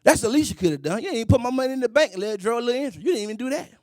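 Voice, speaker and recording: A man's voice: very high-pitched, lively intonation, very fast, a little mellow, no room sound, clean studio sound. A middle-aged man preaching a sermon, emphatic and sing-song, calling out exclamations.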